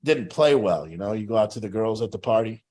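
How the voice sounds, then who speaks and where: A man's voice: fairly low pitch, animated, brisk, a little mellow. A middle-aged man leading a recovery group, telling a personal story in a blunt, profane way.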